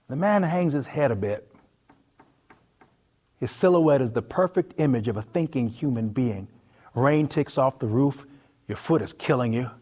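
A man narrating a story in the second person, in an expressive, intimate, vivid way. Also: mid-range voice, a little slow, long pauses.

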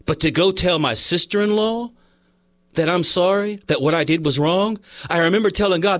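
A man's voice: a little high, a little fast, fairly bright tone, no room sound. A man preaching a sermon, earnest, telling personal stories and reading passages aloud from a book. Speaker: pastor.

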